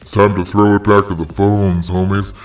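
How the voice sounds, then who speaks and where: A man's voice: on the low side, flat delivery, moderate pace, far from the mic. A man hosting a parody hotline, talking in slangy, mock-preachy street lingo. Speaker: host.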